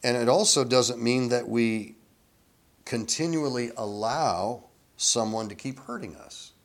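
A man preaching a sermon in a relaxed, conversational way, chuckling often and acting out quoted voices. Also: mid-range voice, unhurried. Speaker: pastor.

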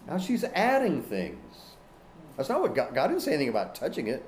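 A man's voice: on the high side, very animated, moderate pace, darkish tone. A man preaching a sermon, reading scripture aloud and asking emphatic questions.

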